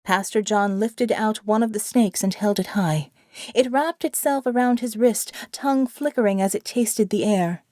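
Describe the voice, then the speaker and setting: A woman narrating an audiobook thriller in a measured, steady way. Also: medium pitch, no echo, studio quality. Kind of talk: scripted narration.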